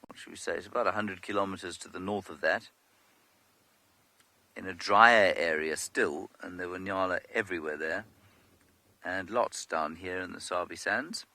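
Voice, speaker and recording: A man's voice: fairly low pitch, sharp tone. A man guiding a live game drive from a vehicle in the bush, explaining wildlife with dry humor. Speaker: safari guide. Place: open vehicle outdoors in the bush.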